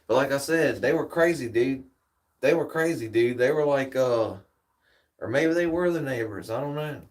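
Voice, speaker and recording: A man's voice: on the low side, recorded from a distance. A laid-back man rambling on a livestream. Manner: laid-back rambling storyteller, swears freely. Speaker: livestream host. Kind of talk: casual livestream chat.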